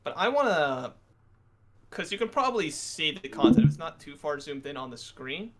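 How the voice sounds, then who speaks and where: A man's voice: on the high side, big pitch swings, moderate pace. A man streamer chatting casually in a dry, teasing way. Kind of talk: casual chat.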